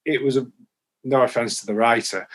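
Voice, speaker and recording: A man talking on a casual podcast, halting and thinking aloud with many restarts. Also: mid-range voice, steady tone. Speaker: podcast guest. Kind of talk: casual chat.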